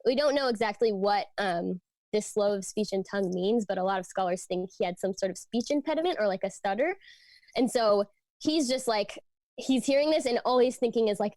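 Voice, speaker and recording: A young woman, a youth ministry speaker, gives a casual youth sermon, teaching from scripture earnestly and conversationally with frequent "like" and "um." Her voice is fairly high and darkish, at a moderate pace, with no echo.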